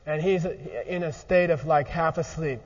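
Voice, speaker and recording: A man teaching a lively philosophy lecture, acting out examples and constantly checking in with his listeners. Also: fairly high pitch, measured pace. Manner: animated, often checks in with 'okay?'. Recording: muffled recording in a large echoey hall.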